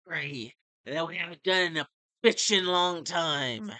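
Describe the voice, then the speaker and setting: A man in his late twenties doing a profane, erratic comedy vlog in the style of a well-known internet character, with shouting bursts. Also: fairly high pitch, normal speed, no echo. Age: 20s. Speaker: amateur comedy YouTuber. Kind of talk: crude ranting comedy vlog.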